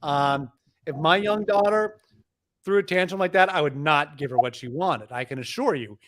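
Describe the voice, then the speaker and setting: A middle-aged man with a somewhat high voice talks as an interview guest. He tells stories with animation and often restarts his sentences. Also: moderate pace. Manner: animated storyteller, frequent restarts. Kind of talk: conversational explaining.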